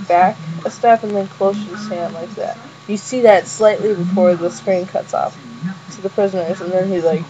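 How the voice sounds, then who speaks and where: A young woman with a dark, mid-range voice gives a casual, rambling fan review of a show episode, full of fillers and restarts. The webcam audio is dull and lo-fi with faint noise.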